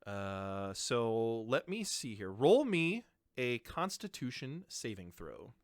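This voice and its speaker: A man's voice: mid-range voice, big pitch swings, slow pace, dry recording. A man narrating a tabletop game as game master. He laughs often and stumbles through many fillers.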